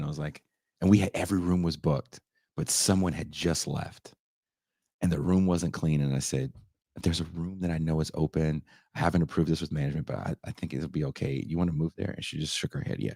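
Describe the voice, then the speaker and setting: A man on a podcast telling a story casually, animated and profane, often leaping up in pitch for emphasis. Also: fairly quick, creaky, dry recording, clean studio sound. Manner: animated, profane, jumps into high voices for emphasis.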